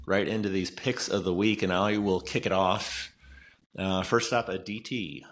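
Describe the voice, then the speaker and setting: A man with a very deep voice co-hosts a casual podcast. He chats loosely and reads out listener picks. His sentences often trail off midway. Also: fairly bright tone. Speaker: podcast co-host. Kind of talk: casual news chat.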